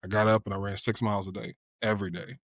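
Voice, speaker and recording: Speaking quickly in a level tone, a man in his twenties with a fairly low pitch shares a personal story on a podcast. He's candid and reflective, leaning on "you know" and similar fillers, and the clean studio sound has no room sound.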